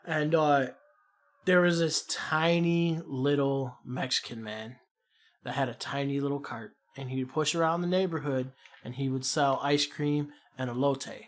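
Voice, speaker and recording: The voice is medium-pitched and measured in pace, belonging to a young man with a Chicago accent. As a podcast co-host in a casual chat, he tells animated, rambling stories peppered with profanity.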